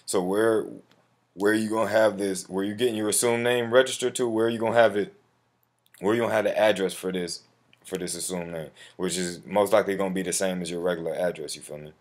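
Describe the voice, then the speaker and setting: A man with a low, steady, slightly mellow voice talks a little fast as he walks through an online form step by step in a casual screen recording. He's slangy, calls the viewer bro, and swears when flustered, with keyboard typing and mouse clicks in the background.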